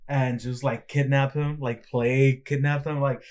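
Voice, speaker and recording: Young man, podcast co-host, mid-pitched voice, rambling retelling, lots of restarts. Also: level tone, a little slow, darkish tone. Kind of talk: casual chat.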